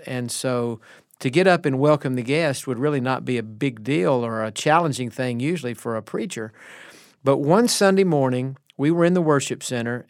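A man's voice: medium pitch, no echo, clean studio sound. A middle-aged male pastor giving an earnest, encouraging devotional message with personal stories.

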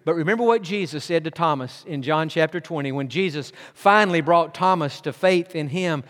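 A man preaching a sermon as pastor, moving between loud proclamation and hushed, slow guided prayer. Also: a little high, big-room sound.

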